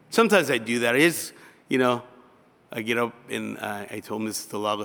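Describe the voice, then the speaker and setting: A man's voice: mid-range voice, fairly quick, vocal fry, fairly bright tone. A male pastor giving a conversational sermon, acting out little dialogues. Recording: reverberant hall.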